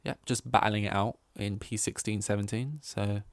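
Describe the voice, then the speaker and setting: A man's voice: on the low side, steady tone, normal speed, vocal fry, no room sound. A man hosting a podcast in casual chat, rambling and thinking aloud with hesitant restarts. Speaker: podcast host.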